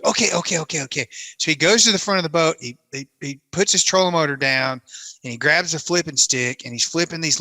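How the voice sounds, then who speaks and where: A man telling a story as a guest on a casual podcast, animated and breaking into laughter often. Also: a little high, dry recording.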